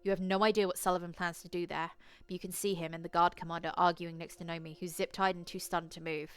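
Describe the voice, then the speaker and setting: A woman's voice: lowish voice, little pitch movement, fast, clear, resonant tone, faint music behind. A woman reading aloud and playing a solo tabletop horror adventure, casual and swearing, laughing at herself. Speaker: solo tabletop game player and narrator.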